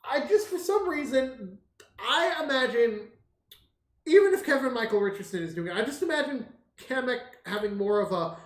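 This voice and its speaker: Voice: medium pitch, lively intonation, moderate pace. A stream co-host chatting casually about a movie, rambling with many fillers. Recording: echoey room.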